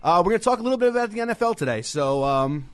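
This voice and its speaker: A man's voice: sits high, expressive, rapid-fire, smooth, dry recording. Rambling, stammering man co-hosting sports radio. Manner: rambling, self-deprecating, stammers and restarts. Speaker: radio show co-host. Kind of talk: casual sports radio chat. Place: small radio studio.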